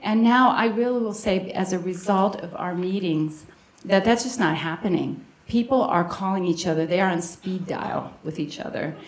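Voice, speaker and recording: A woman's voice: on the low side, moderate pace. A woman moderating a conference session and speaking informally and conversationally. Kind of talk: conference remarks. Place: conference room. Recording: echoey conference room.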